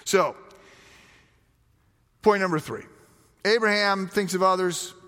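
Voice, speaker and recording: A man preaching a sermon, telling stories with lively quoted voices and frequent word repeats. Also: high-pitched, slow. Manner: storytelling, animated, repeats words when quoting others. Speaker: pastor. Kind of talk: sermon with told anecdotes. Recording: long reverb of a large hall.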